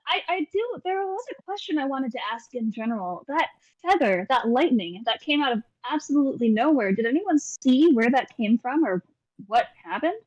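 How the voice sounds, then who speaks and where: High-voiced woman player, dry close sound. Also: lively intonation, moderate pace, a little mellow, no room sound, dull audio. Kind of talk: casual tabletop role-play.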